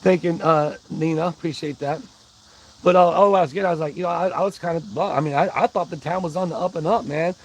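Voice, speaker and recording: A man hosts a casual livestream, rambling in a folksy way and greeting people in his chat by name, sounding out of breath. He speaks fast in a voice on the high side, picked up by a wireless body-worn mic with poor audio.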